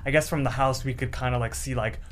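A man's voice: medium pitch, steady tone, fast, a little hiss or hum. A young man co-hosting a podcast, casually recapping a cartoon episode in a rambling way, full of fillers. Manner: rambling recap with many fillers and acted-out quotes. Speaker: podcast co-host.

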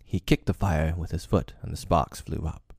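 A man narrating a classic story for his own podcast, measured, a little hesitant when speaking off-script. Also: a bass voice, fairly even intonation, vocal fry, darkish tone, breathy edge, dry recording, studio quality.

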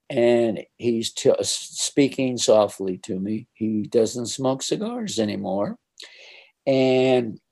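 A man's voice: mid-range voice, gravelly, warm tone, breathy edge. An older man telling a story from his career in a casual interview, acting out the voices of the people in it and laughing often.

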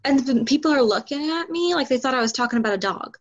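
Woman guest, slightly high voice. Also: lively intonation, muffled recording. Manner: laughing, quick to agree. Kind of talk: casual conversation.

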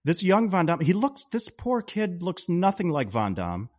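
A man co-hosting a podcast, chatting about a film in an excitable way and swearing freely. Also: high-pitched, moderate pace. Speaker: podcast co-host. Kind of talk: casual film chat.

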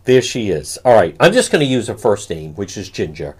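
A man hosting an interview talk show, earnest and careful, gently encouraging his guest. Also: on the low side, sing-song, fairly quick, slightly rough. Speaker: show host.

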